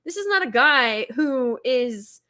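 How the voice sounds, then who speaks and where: Casting note: woman, bright and fairly high, chatty movie-fan host with lots of fillers. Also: animated, takes it slowly. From Texas. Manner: chatty, enthusiastic, many fillers and restarts. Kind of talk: casual movie commentary.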